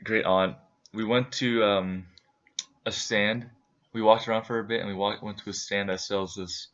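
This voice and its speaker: A man's voice: on the low side, fairly even intonation, moderate pace, fairly bright tone, lo-fi sound. A man co-hosting a casual travel recap, chiming in with jokes. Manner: joking, chiming in on his partner's lines. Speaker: co-host recapping a trip.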